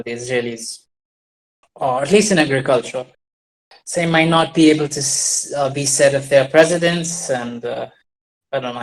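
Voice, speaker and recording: A farming-trends commentator talks in a medium-pitched voice over a rough recording. He shares his screen and rambles off on tangents, restarting often and tossing in wry, self-deprecating remarks.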